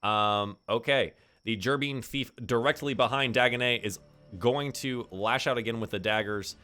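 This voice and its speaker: A man's voice: mid-range voice, normal speed, faint music behind. A man narrating a tabletop game as game master, playful and full of fillers. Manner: lively and playful, with many fillers.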